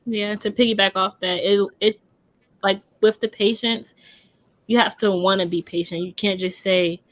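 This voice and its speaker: A young woman speaking casually with halting phrasing and many fillers. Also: mid-range voice, fairly even intonation, a bit bright, dry recording. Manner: halting, frequent fillers and restarts. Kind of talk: casual conversation.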